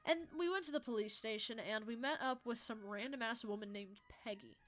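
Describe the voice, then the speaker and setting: A young woman, streaming and telling a story in a profane, animated, dramatic rant. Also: fairly high pitch, brisk.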